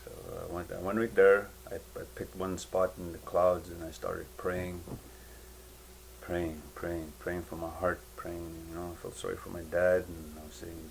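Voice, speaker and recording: A man giving a personal spiritual testimony in a halting, rambling way, full of fillers and restarts. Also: low-pitched, flat delivery, vocal fry, slight background noise, low-quality recording.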